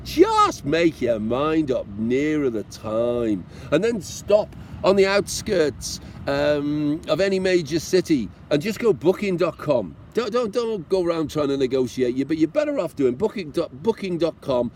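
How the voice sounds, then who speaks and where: A man's voice: fairly high pitch, sing-song, a little slow, hardly any pauses, a little hiss or hum. A British man talking casually to camera about his motorcycle travels, chatty and encouraging, joking that he is tearing up now and then. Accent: British English. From Britain. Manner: chatty, encouraging, self-mocking, jokingly tearful.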